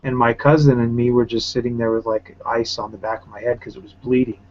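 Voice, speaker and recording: A man's voice: mid-range voice, little pitch movement, fast, a little mellow. A man who teaches, chatting casually on an online call and telling loose, rambling stories full of fillers. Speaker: teacher and round table panelist. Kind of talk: casual chat. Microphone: video call. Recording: slightly muffled online call audio.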